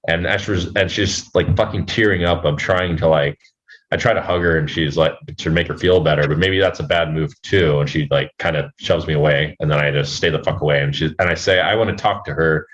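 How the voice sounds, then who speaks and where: A man telling a personal story as a podcast guest, halting and rambling, swearing freely. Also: a bass voice, a bit bright, lo-fi sound. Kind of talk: casual storytelling.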